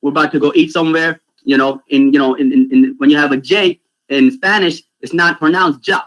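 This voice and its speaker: Man, fairly high voice, animated storytelling for kids, video call. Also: a little fast, rough recording. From Pakistan. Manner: animated, keeps asking "right?". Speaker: youth speaker. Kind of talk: storytelling talk for children.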